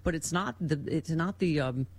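A man's voice: fairly high pitch, normal speed, a little hiss or hum. A male host doing political commentary with a wry, sarcastic manner.

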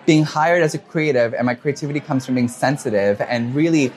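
A man in his twenties answering interview questions, talking quickly and emotionally with many fillers and quoted asides. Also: mid-range voice. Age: 20s. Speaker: fashion designer, interview guest.

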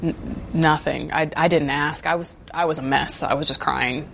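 A woman in an interview, speaking in a soft, subdued and shaken way. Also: sits low, fairly even intonation, moderate pace, creaky, a little hiss or hum. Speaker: interviewee, friend of the deceased. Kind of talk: emotional interview.

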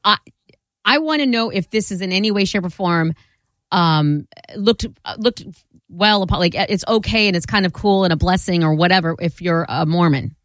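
A woman co-hosting a radio show, reacting quickly and asking lots of questions. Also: lowish voice, no room sound, clean studio sound. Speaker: radio co-host. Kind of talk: casual sports radio banter.

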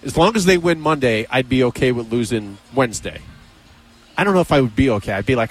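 A man hosting a radio show, chatting casually and excitedly about his team and thanking colleagues. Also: mid-range voice, moderate pace, husky. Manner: excitable, jokey sports fan. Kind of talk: casual studio banter.

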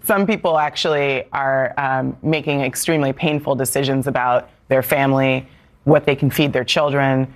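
A woman's voice: extremely low pitch, fairly even intonation, normal speed. A woman journalist on a talk show panel, speaking earnestly and with passion. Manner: earnest, impassioned. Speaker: journalist guest.

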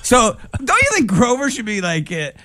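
A man's voice: high voice, wildly swooping pitch, sharp tone, no room sound. A middle-aged comedian telling rambling stories, often laughing and switching into other people's voices. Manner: rambling storyteller with quick voice switches and frequent laughs. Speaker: comedian guest. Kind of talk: animated anecdote telling.

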